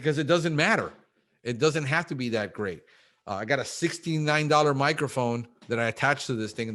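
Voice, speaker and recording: A man talking casually in an interview, animated and fast, acting out little quotes and calling the host bro. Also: medium pitch. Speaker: guest, pest control business owner.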